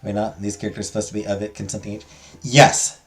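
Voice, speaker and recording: A man's voice: fairly low pitch, little pitch movement, quick pace, soft background music. A man giving casual gameplay commentary, rambling and stammering, swearing and mocking himself. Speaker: gaming streamer.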